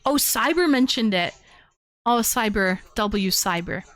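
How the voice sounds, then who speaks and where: A young woman hosting a live-streamed call-in show, chatting casually and getting excited as she talks. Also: mid-range voice, unhurried, dry recording. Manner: excitable, chatty, bursts into shouting and humming beats.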